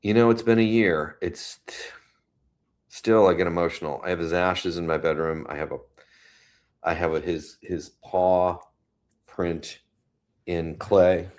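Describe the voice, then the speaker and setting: Low-voiced man chatting on a livestream. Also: fairly even intonation, measured pace, long pauses. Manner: chatty, reads viewer comments aloud, warm reassurance. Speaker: livestream host. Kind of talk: casual livestream chat. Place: home, New York City.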